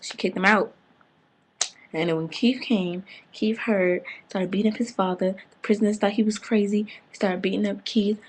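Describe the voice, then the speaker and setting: A woman excitedly recapping a TV episode in casual slang, breaking into loud outbursts. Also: medium pitch, normal speed, slight background noise. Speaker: TV fan reviewer.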